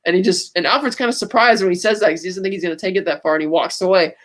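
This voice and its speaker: A man's voice: high voice, fairly even intonation, very fast, few pauses, fairly bright tone. A man co-hosting a podcast in casual chat, retelling movie scenes and quoting the characters' lines along the way. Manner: frequent restarts and laughs while recapping. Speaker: podcast co-host.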